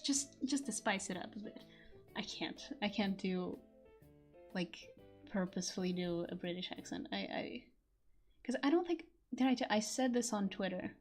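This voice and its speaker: A woman's voice: mid-range voice, normal speed, a little mellow, soft background music. A young woman whose first language is Portuguese, chatting casually on a stream as a voice actor, rambling, laughing often and cursing freely.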